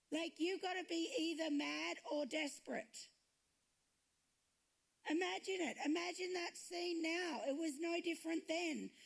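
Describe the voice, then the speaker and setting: High-voiced woman pastor preaching slowly. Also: gravelly. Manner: acts out quoted lines in retelling stories. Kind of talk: sermon.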